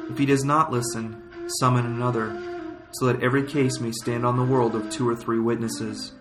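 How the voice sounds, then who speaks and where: A man reading scripture and prayers as a liturgical reader, in solemn, measured phrases. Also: medium pitch, flat delivery. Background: flute music.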